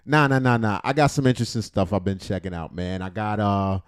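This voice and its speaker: A man's voice: lowish voice, a little fast, clean tone. A man hosting a casual livestream, rambling playfully between jokes and earnest talk. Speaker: livestream host reacting to videos.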